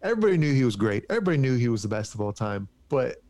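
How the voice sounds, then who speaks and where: A man guesting on a podcast, telling a story in casual chat with lively restarts. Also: medium pitch, rapid-fire. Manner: animated storyteller, stumbling restarts.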